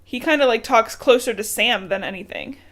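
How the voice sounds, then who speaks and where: A woman's voice: on the high side, brisk, a bit bright. A woman co-hosting a podcast, chatting casually about a book in a teasing way and laughing often. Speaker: podcast co-host.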